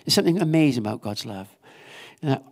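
A man's voice: mid-range voice, animated, fairly quick, darkish tone. A man preaching a sermon, telling a story in an earnest way and voicing the questions he imagines his listeners asking.

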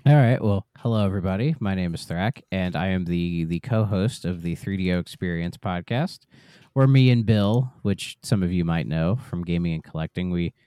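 An easygoing man introduces himself as a podcast guest, relaxed and a bit halting. His voice is low and resonant. The recording is dry. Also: clear, resonant tone, no room sound. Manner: easygoing, relaxed, stumbling restarts. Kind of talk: casual podcast chat.

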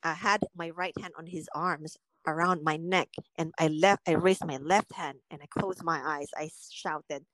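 Low-voiced Filipino woman, earnest and hushed. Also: steady tone, normal speed, few pauses, dry recording, low-quality recording. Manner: earnest, emotional, often dropping to a hushed, low voice. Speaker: guest sharing a personal story. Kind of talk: personal testimony in conversation.

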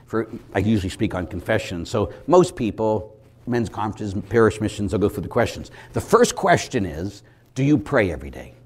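A Catholic priest giving a lively preaching talk, an animated storyteller with sudden loud bursts and chuckles. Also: male voice, on the low side, moderate pace.

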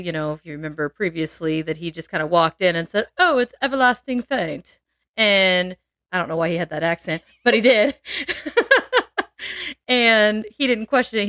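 A woman's voice: medium pitch, bright, forceful tone, dry recording, clean studio sound. A woman hosting a podcast, telling a true-crime story in casual chat, laughing often and adding playful asides.

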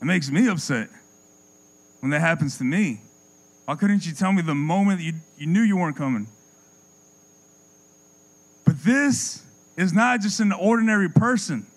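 A man preaching a sermon with passion, repeating words as he builds a point and dropping his voice low and soft for effect. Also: expressive, moderate pace, long pauses, low-quality recording.

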